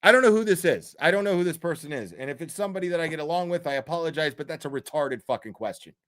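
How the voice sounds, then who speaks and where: A man's voice: a little high, lively intonation, very fast, fairly bright tone, dry recording, clean studio sound. A man giving a profane, exasperated reaction commentary, reading posts aloud and mocking them. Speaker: commentary streamer.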